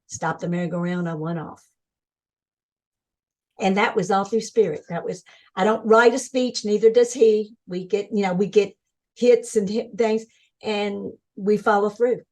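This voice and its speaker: A woman speaking as a webinar guest, telling her spiritual experiences with excited energy, restarting sentences as her thoughts rush ahead. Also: mid-range voice, unhurried. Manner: enthusiastic, spiritual, talks in bursts with restarts. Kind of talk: excited personal storytelling.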